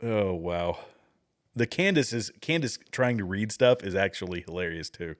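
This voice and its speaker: A man's voice: sits low, animated, moderate pace. A middle-aged man hosting a livestream, chatting casually with viewers, rambling and chuckling at clips. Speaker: livestream host.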